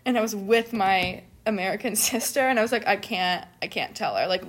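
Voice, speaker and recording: A young woman in casual conversation, telling a story in an animated way and acting out what people said, with many "like"s. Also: mid-range voice, fairly quick. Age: young adult. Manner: animated, acts out quoted people, says "like" often. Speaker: guest telling a study-abroad story.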